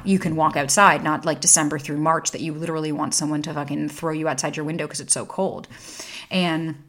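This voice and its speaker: A woman's voice: deep voice, a bit bright. A woman in her thirties hosting a solo podcast, talking candidly and casually, swearing freely and getting emotional. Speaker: podcast host.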